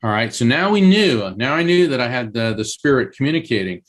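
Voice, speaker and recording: A man, a guest on a podcast, telling a long story in an animated way, with sudden jumps in pitch and halting restarts. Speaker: guest medium and author.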